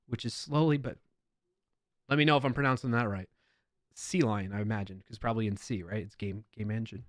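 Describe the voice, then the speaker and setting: A man's voice: fairly low pitch, brisk, dry recording, studio quality. A man with a New York accent hosting a casual live stream, reading viewer comments aloud with playful emphasis and chatting as he goes.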